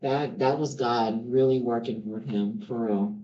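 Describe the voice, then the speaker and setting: A woman's voice: extremely low pitch, unhurried, mellow. Earnest woman reading scripture, roomy sound. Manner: earnest, stops to react with heartfelt remarks. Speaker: Bible reader. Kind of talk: reading scripture aloud with personal commentary. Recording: roomy, slightly dull home recording.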